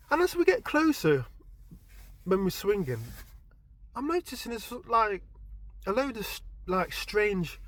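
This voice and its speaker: A man, recounting a dream in a casual storytelling vlog, his voice climbing high and loud as he gets excited. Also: no room sound.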